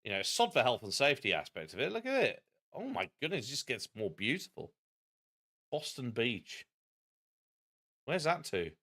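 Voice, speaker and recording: Chatty man, lively voice. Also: mid-range voice, moderate pace, pauses often. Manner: chatty, animated, self-deprecating. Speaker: streamer. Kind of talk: live-stream game commentary.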